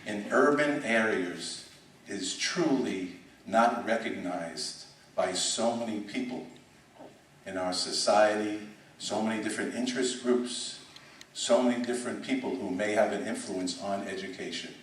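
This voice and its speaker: A man's voice: lowish voice, a little slow, a little hiss or hum. A middle-aged man, a school superintendent, giving an emphatic symposium speech, full of fillers and repeated words. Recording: echoey hall, distant mic.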